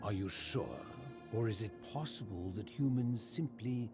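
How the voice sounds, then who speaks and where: A man voicing a lonely, aging philosopher hermit in a video game, speaking in a formal, measured and questioning way over game music. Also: lowish voice, close to an everyday voice. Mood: probing. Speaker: game character. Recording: game audio with soundtrack music.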